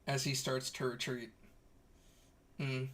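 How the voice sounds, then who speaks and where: Guy GM narrating a tabletop game, easygoing, mid pitch, kinda rambly. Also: slow pace. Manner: relaxed storytelling with fillers and restarts. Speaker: game master.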